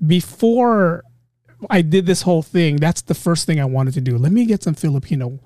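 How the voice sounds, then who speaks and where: Podcast host, male, dark mellow tone, dry close sound, chatty and eager. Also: fairly high pitch, expressive, normal speed, dry recording. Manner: chatty, enthusiastic, many fillers. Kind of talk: casual interview chat.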